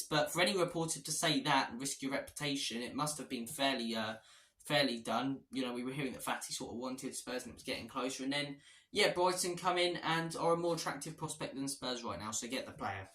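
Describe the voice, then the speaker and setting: A man's voice: mid-range voice, brisk, sharp tone. A man, a football fan vlogger giving transfer news in an exasperated, repetitive rant. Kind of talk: ranting transfer-news vlog. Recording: roomy echo.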